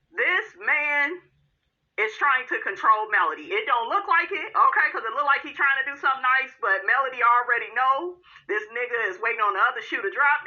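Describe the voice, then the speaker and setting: A woman hosting a reality TV recap, sassy and animated, calling her listeners honey and girl. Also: fairly high pitch, highs cut off. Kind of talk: casual recap commentary.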